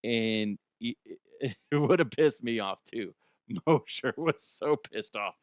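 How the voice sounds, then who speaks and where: A middle-aged man hosts a casual sports podcast on his own, swearing freely and laughing as he goes. His voice is smooth and resonant, sitting in an ordinary middle pitch. The recording is dry and close, with no room sound. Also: animated, slow pace, no room sound. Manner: profane, joking, laughs often. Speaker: podcast host. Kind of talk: casual solo sports chat.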